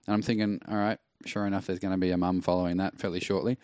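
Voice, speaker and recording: Male co-host, low pitch, wry, dry mic. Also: flat delivery, fast, a little mellow, smooth, no echo. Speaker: podcast co-host. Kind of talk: casual chat.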